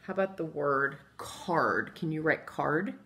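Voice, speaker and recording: A woman's voice: low voice, expressive, a little slow, a bit bright. A woman teaching a first grade phonics lesson, patient and encouraging, spelling out words letter by letter as she writes them on a board. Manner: writes on a board while talking. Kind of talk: recorded remote phonics lesson.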